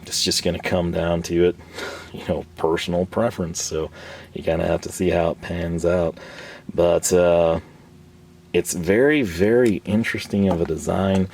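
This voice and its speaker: A man with a Texan accent, hoarse from losing his voice, chatting casually and rambling through a hands-on tool review. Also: low-pitched, steady tone, normal speed, darkish tone. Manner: rambling, chatty, laughs often. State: hoarse, recovering from lost voice.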